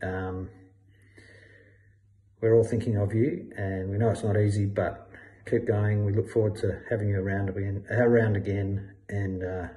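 A man's voice: fairly low pitch, level tone, moderate pace, dark tone, poor audio. An Australian man recording a dry, jokey video message for a club colleague.

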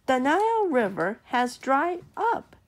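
A woman's voice: high-pitched, big pitch swings, takes it slowly, slight background noise, pitched above the performer's own voice, heavily acted. A woman reading a storybook aloud, voicing a polite, loyal male servant.

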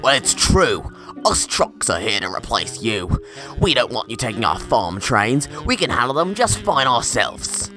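A man voicing a cross, spiteful male farm lorry who talks slowly and sneers, in a storybook tale. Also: on the low side, pushed and bright, faint music behind, voice pushed down. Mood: sneering. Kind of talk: storybook character voice.

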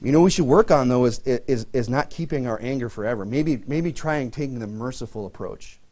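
A man's voice: medium pitch, a little fast, darkish tone. A man in his thirties preaching a sermon in a casual, conversational way, full of fillers and restarts. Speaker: pastor.

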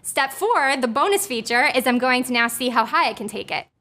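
A woman's voice: sits high, animated, brisk, heavy background noise. A woman teaching a casual vocal lesson in an upbeat, chatty way, explaining a singing exercise step by step. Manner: upbeat and chatty, laughs between points.

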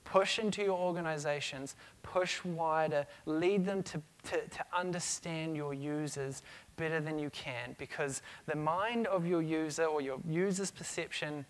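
A middle-aged man delivers a keynote to a conference crowd. His voice sits slightly high for a man, and he tells stories with energy, often doubling back on his words. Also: unhurried. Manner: energetic storytelling with frequent restarts. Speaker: conference speaker. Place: conference stage.

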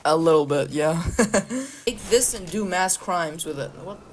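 A woman's voice: fairly low pitch, animated, a little slow. A woman chatting casually in a game's voice chat, joking and trolling other players and swearing often. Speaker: gamer. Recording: game sounds and noise behind.

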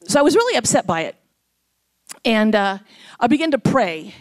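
A woman's voice: fairly high pitch, normal speed. A middle-aged woman preaching as guest speaker in a church, telling stories and acting out the voices of the people in them. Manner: animated, acts out quoted voices. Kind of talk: sermon storytelling.

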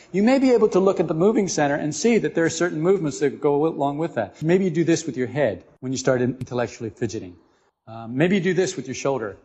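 A man giving an informal spiritual talk to a group, animated and joking, often asking his listeners questions. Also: medium pitch. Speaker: esoteric teacher. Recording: dull lo-fi recording in a reverberant room.

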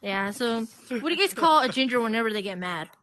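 A woman's voice: fairly high pitch, animated, quick pace, fairly bright tone, slight background noise. A woman performing a chatty stand-up set in a virtual comedy club, giggling between jokes.

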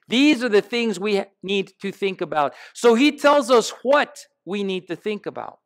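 A man's voice: high voice, expressive, measured pace, few pauses. A man preaching a sermon as pastor in a church, building emphatic lists and asking the congregation questions. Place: church sanctuary.

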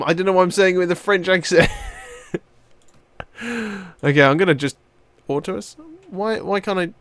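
A young man giving excitable, rambling let's-play commentary as he plays, swearing casually. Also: high voice, normal speed, pauses often. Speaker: gaming video host.

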